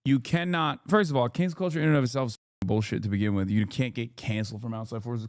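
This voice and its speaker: A man's voice: mid-range voice, steady tone, fast talker, dry recording, studio quality. A man giving emphatic, profane reaction commentary on a live stream, repeating points for emphasis.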